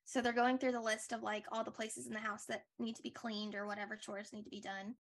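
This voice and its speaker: A woman's voice: fairly high pitch, level tone, quick pace. A young woman co-hosting a podcast, chatting casually and rambling with lots of likes and restarts. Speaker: podcast co-host. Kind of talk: casual recap chat.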